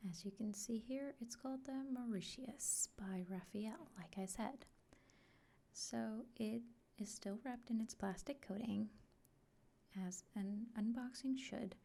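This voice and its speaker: A woman hosts an unboxing vlog in a soft, often whispered voice. She speaks slowly and gently, and her voice is mellow and dark, with a gravelly fry at its edges. Her pitch sits in an ordinary middle range. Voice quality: frequently whispered. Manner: slow, gentle and soft-spoken. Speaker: art vlogger.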